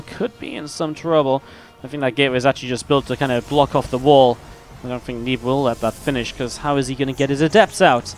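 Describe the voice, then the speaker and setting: A man casting a video game match solo, chatting with his stream chat in a rambling, laid-back way between play-by-play calls. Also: fairly high pitch. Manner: rambling, chatty, laughs at own stories. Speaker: esports caster and streamer.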